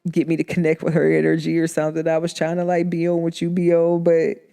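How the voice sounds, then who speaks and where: A man's voice: a little high, monotone, quick pace, creaky, mellow, smooth. A woman quoting her young male cousin, who is lovesick and sheepish and mumbles apologies.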